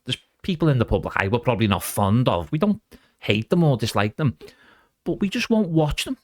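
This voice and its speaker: A man's voice: medium pitch, very animated, a little fast, dry recording. A middle-aged man chatting as a podcast guest, rambling casually and calling the host "mate". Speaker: guest impressionist.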